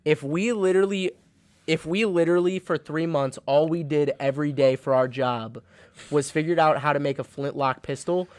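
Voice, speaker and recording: Casting: young guy, a bit high-pitched, dry close sound, excitable and profane podcast co-host. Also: moderate pace, clean tone, no room sound. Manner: excitable, profane, laughs often. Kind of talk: casual comedic banter.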